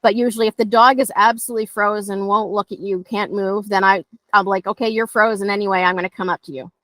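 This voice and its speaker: A woman's voice: mid-range voice, steady tone, quick pace, a bit bright, no room sound. A woman dog trainer teaching conversationally, telling stories and acting out dialogue in playful voices.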